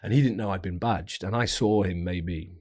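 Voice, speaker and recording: Male, 30s, British, lowish husky voice, profane and frank storyteller. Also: normal speed. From United Kingdom. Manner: frank, swears often, animated storytelling with acted-out quotes. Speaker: podcast guest, former special forces sniper. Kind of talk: casual storytelling interview.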